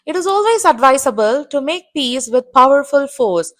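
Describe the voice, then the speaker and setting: Crow counselors argue their cases earnestly, voiced by a woman reading. The voice is high and animated. It suits a bedtime fable. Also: normal speed. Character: quarrelsome male crow counselors.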